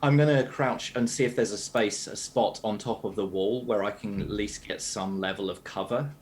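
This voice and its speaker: A man's voice: fairly low pitch, normal speed, a little mellow, a little hiss or hum. A British man playing a tabletop game, thinking aloud with lots of hesitant fillers. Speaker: player.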